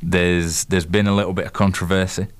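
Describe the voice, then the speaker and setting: Man, Yorkshire accent, very deep voice, smooth resonant tone, halting casual sports chat. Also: level tone. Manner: halting, lots of fillers and restarts. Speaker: co-host and quiz master.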